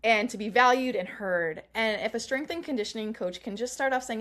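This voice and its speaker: Middle-aged woman, interview guest, fairly high voice, animated, laughs a lot. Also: a little fast. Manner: animated, laughs often, acts out quoted lines. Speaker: performance coach, guest. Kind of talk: casual interview chat.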